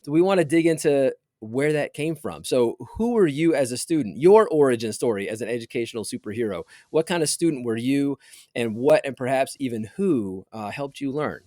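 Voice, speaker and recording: A man hosting a podcast, asking questions in a soft, encouraging way and giving many short affirmations. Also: mid-range voice, lively intonation, a little fast, no echo, clean studio sound. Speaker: podcast host. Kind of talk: interviewing, attentive backchannel.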